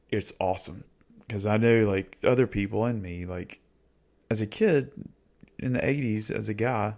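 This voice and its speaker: A man's voice: on the low side, creaky, a little mellow. A man in his forties, a YouTube host, talking casually and reflectively in an easygoing, slangy coaching manner.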